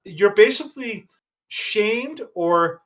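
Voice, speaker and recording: A male podcast co-host gives casual, opinionated commentary in a rather high voice. He talks emphatically, starting over and rephrasing often as he works through his point. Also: lively intonation, slow. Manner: opinionated and emphatic, rambling with many restarts.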